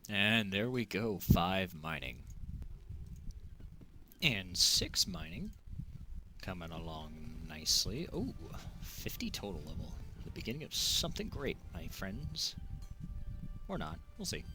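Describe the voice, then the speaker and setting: A man giving excitable gameplay commentary, exclaiming and joking as he plays. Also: low-pitched, a little slow, noisy background. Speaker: gaming video creator.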